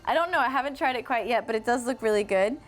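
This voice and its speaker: A woman's voice: fairly high pitch, animated, fast. A young woman hosts a casual live stream, chatting in a friendly, easygoing way. She reads viewer comments aloud and answers them as she goes. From North Carolina, USA. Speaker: host.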